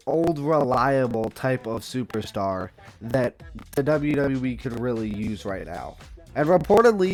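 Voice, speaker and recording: A man's voice: fairly high pitch, a little mellow. A young man hosting a casual news commentary vlog, rambling and snarky, trading playful insults. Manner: rambling, snarky, trash-talking. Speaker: vlog host.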